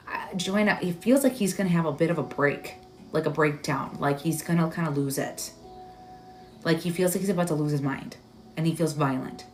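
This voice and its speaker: Woman, live-stream medium, halting searching speech, lowish voice, faint background music. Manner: halting, searching delivery with many "like"s; emotional, tearful at moments. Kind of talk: live-stream spirit reading.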